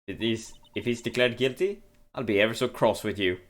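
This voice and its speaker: A man's voice: fairly low pitch, a little fast, a little hiss or hum, close to an everyday voice. A man voicing a sweet, doting young woman who talks in a sugary, coaxing way.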